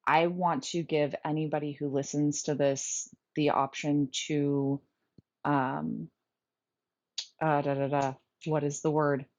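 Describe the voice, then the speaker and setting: Low-pitched woman podcast co-host; open, reflective, laughs often; muffled lo-fi recording. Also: little pitch movement, takes it slowly, darkish tone. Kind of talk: candid podcast conversation. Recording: dull lo-fi sound.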